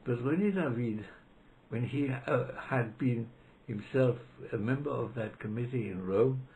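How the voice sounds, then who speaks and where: A man's voice: medium pitch, normal speed, rough recording. A man, reminiscing hesitantly in an interview, with many fillers and restarts. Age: 90s. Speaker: interviewee, retired law professor. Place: library room.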